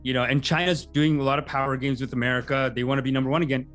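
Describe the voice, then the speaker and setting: A man's voice: medium pitch, flat delivery, racing, a bit bright, faint music behind. A man hosting a podcast, riffing in a rambling, tangent-prone comedic monologue. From Canada.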